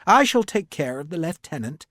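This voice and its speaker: An audiobook narrator voicing a smooth, cheerfully mocking aristocratic renegade officer. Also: male voice, on the high side, sing-song, moderate pace, a bit bright, no room sound, clean studio sound, voice pushed up. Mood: urbane, mocking. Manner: urbane, mocking, genteel.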